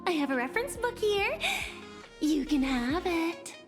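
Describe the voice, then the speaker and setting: A woman's voice: very high voice, sing-song, unhurried, faint music behind, full character voice. An actress playing an earnest, bookish young woman in a game, talking in a gushing way about learning. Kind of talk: game voice acting.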